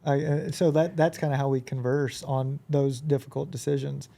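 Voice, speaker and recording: A man who is a podcast guest, telling animated anecdotes in a casual conversation and often acting out quoted dialogue. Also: mid-range voice, normal speed, vocal fry. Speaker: podcast guest, business owner.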